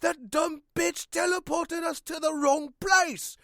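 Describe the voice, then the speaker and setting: A man's voice: very high-pitched, steady tone, slow pace, fairly bright tone, no room sound, clean studio sound, voice pushed up, heavily acted. A man voicing a grand old male space wizard in a robe, in a comic homemade story. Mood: frantic.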